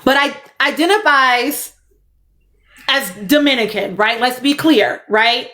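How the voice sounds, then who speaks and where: A woman's voice: high voice, slow pace, bright, forceful tone. A young adult woman, hosting a casual commentary livestream, emphatic and fond of repeating her points. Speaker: livestream host.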